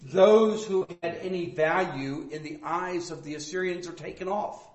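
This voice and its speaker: A male pastor teaching from the Bible in a sermon, swinging between loud emphatic bursts and quiet asides. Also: high voice, normal speed, dull audio. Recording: echoey room.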